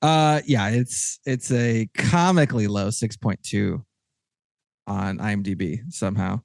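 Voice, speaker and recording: A Texan man hosts a casual podcast, rambling and excitable as he restarts his sentences. His voice has a gravelly fry. The sound is dry and close. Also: fairly low pitch, unhurried, no echo. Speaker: podcast host.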